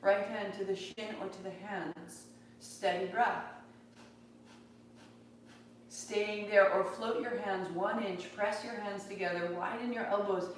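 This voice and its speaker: Woman guiding yoga in an echoey room. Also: medium pitch. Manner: calm, rhythmic cueing of breath and movement. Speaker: yoga teacher. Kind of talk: guided yoga class instruction. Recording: very echoey, distant, faint room noise.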